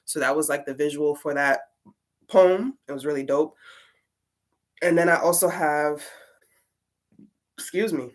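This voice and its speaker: Low-voiced woman telling a rambling story. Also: unhurried, long pauses. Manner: rambling, full of "like" fillers and swearing. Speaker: tarot reader and poet. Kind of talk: casual storytime monologue.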